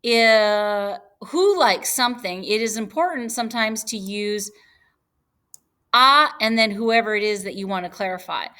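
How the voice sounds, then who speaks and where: A woman's voice: medium pitch, bright, forceful tone. A woman teaching a Spanish grammar lesson over a screen recording, explaining patiently with fillers and self-corrections.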